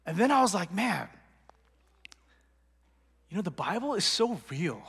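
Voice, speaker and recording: A man preaches in a loose, conversational way, with fillers and asides to his congregation. His voice sits high and sounds bright. A long reverb trails his words through the church hall. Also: very animated, a little slow, slightly rough. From Portland. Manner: chatty, full of fillers, acts out quotes, drops to a whisper for effect. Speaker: pastor. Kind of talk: casual sermon.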